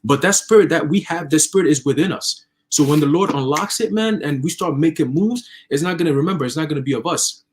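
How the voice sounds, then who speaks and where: Man, casual religious talk, rapid delivery, dramatizes imagined scenes. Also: fairly high pitch, slight background noise. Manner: animated storytelling, acting out imagined people. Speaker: religious discussion participant.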